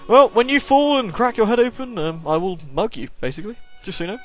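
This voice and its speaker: A man's voice: high voice, animated, fast, few pauses, faint music behind. A man with a sore throat giving jokey, sarcastic commentary while playing a horror game. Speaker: let's play host. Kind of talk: gameplay commentary.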